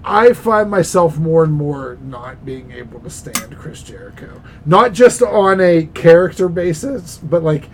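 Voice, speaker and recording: An easygoing man with a fairly high voice co-hosts a casual wrestling chat. He speaks hesitantly and often restarts his sentences as he works out his opinions. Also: animated, unhurried, few pauses, poor audio.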